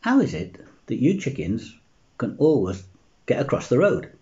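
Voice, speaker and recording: A man's voice: medium pitch, huge pitch swings, moderate pace, dark tone, muffled recording. A man voicing an anxious little male hedgehog who keeps pleading for help. He voices it during a church joke story. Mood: puzzled. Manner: fretful, pleading.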